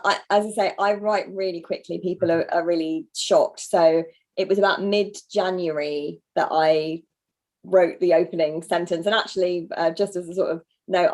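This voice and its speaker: A woman's voice: lowish voice, a little mellow. Chatty woman author on a video call. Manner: chatty, self-deprecating, quick asides. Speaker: author guest. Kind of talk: conversational interview over video call.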